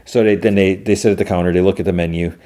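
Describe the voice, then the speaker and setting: Brief: male podcast host, low pitch, rambling casual recap, stop-start delivery. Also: fairly even intonation, very fast, warm tone. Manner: rambling retelling full of "he's like" and restarts.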